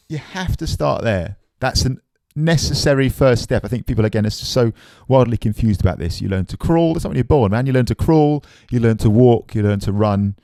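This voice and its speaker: A man giving a relaxed, chatty drum lesson, often tossing in "man". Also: mid-range voice, brisk, vocal fry, soft background music. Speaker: drum teacher. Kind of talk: casual spoken drum lesson.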